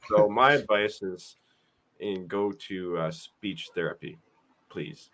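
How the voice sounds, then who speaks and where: A man's voice: on the low side, slow, background noise. A man co-hosting a comedic talk show, making dry teasing remarks. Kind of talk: casual comedic chat.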